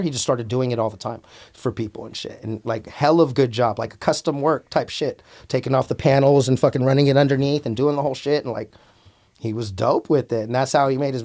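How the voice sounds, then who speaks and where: A man telling a story in casual, animated, profanity-heavy slang as an interview guest. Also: mid-range voice.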